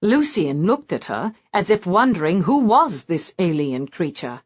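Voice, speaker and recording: Woman narrator, romance audiobook, low-ish voice, lively swings, dull lo-fi sound. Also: measured pace, hardly any pauses, husky. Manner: expressive, lively.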